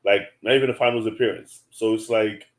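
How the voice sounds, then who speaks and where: A man with a fairly low voice co-hosting a casual sports show. He talks in a laid-back way, fills pauses with ums, and drops in agreeing mm-hmms while the other host speaks. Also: fairly even intonation. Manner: laid-back, thinks aloud with ums, lots of mm-hmm. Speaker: podcast co-host.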